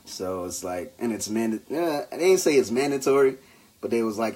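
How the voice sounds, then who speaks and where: A man co-hosting a podcast in casual banter, animated and slangy, acting out the quotes in his stories. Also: medium pitch, measured pace, pauses often. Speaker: podcast co-host.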